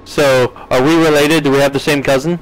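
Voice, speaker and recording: Fairly quick and steady in tone, a streamer with a fairly high voice plays a farming game over a rough recording. He keeps up casual banter with his chat, reading comments aloud, answering them, and laughing often.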